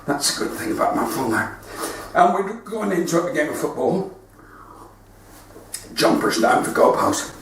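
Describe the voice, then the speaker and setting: A man with a West Country accent doing chatty stand-up storytelling from his front room. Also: high voice. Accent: West Country English. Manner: chatty storytelling with quoted dialogue. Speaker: stand-up comedian. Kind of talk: stand-up comedy livestream. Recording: very echoey room, distant mic, faint noise.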